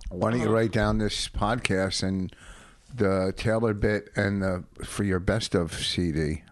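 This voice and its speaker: A man's voice: lowish voice, fairly even intonation, unhurried, dry recording. A man co-hosting a podcast, defensive and matter-of-fact in casual banter. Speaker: podcast co-host.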